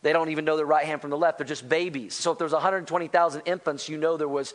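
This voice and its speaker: High-voiced animated male preacher. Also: quick pace. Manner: animated preaching, voices quotes, asks the congregation. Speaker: pastor. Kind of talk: sermon.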